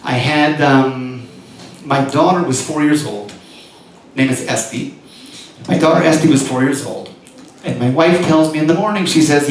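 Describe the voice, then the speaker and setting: A man's voice: a little high, unhurried, long pauses. A man giving a lecture as a rabbi, telling a personal story with animation and frequent laughs. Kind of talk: storytelling talk to an audience. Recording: echoey hall, mic far off, faint noise.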